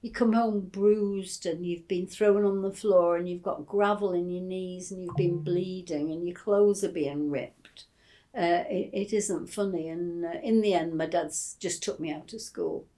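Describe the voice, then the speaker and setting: A warm, steady, lowish voice carries this older Englishwoman's childhood recollections, delivered at a measured pace for an oral history interview. Fond storytelling mixes with hesitation, many fillers and false starts.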